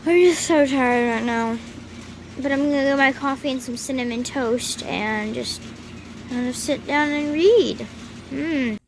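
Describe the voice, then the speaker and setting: A woman's voice: high-pitched, unhurried, a little hiss or hum. A teenage girl vlogging at home about finishing a book series, gushing, often whispering and exclaiming "oh my gosh.". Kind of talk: casual vlog. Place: at home, in her bedroom.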